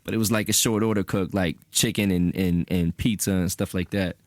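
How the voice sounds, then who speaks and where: A young American man with a low voice talks in a relaxed, offhand way as a radio guest, giving short answers with a dry sense of humour. The studio sound is close and dry, with no room echo. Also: fairly quick. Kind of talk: casual radio interview.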